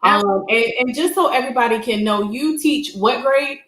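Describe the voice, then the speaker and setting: A woman's voice: on the high side, normal speed, a bit bright. Woman host in an echoey room. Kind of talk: casual show interview.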